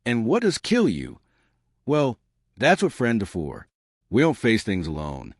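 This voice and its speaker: A man's voice: medium pitch, huge pitch swings, measured pace, husky, dry recording, exaggerated voice. A man voicing a tough, injured male human captain who talks in a casual, dry-humored way. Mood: wry. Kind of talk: audiobook narration.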